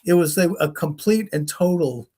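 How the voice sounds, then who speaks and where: A man's voice: on the high side, moderate pace, a crowd in the background. A man hosting a talk show, rambling as he retells stories and acts out the people in them. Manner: rambling storyteller, acts out quoted voices. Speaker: host. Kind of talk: casual conversation.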